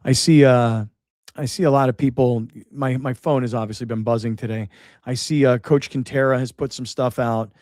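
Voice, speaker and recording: A middle-aged man hosting a radio show, remembering a late friend in halting speech that repeats words and shifts between sadness and laughter. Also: mid-range voice, steady tone, darkish tone, no room sound, studio quality. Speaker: radio host. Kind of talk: emotional on-air remembrance.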